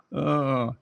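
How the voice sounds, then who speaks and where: A man's voice: medium pitch, creaky, a bit bright, smooth. Easygoing male talk-show host. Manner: easygoing, frequent agreeing interjections. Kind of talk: casual political chat.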